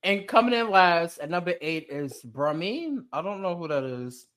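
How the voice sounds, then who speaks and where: A man's voice: fairly high pitch, very animated, moderate pace, a bit bright. A man with a New York accent co-hosting a podcast in a playful, opinionated casual chat. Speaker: podcast co-host.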